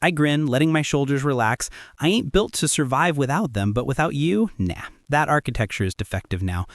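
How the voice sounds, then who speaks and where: A man's voice: medium pitch, expressive, brisk, no echo. Man, audiobook narrator, wry, conversational, dry close recording. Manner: casual, wry, conversational storytelling. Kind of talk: first-person audiobook story narration.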